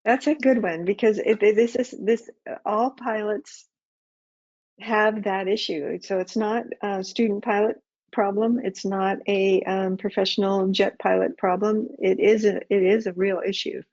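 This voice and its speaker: A woman's voice: mid-range voice, steady tone, measured pace, a little mellow, no echo. A middle-aged woman and former air traffic controller answering pilots' questions in a practical, conversational way, acting out radio calls. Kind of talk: webinar Q&A answers. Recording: dull muffled webinar audio.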